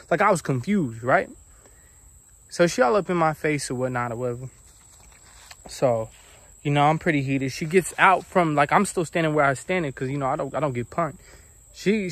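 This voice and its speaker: A young man telling a casual storytime about his own life, animated and acting out the people he quotes. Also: a little high, no echo. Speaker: vlogger.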